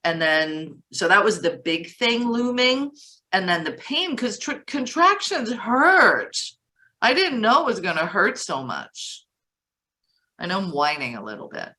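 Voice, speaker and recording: A woman co-hosting a casual chat, telling stories in a lively, animated way. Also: mid-range voice, measured pace. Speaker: co-founder and co-host.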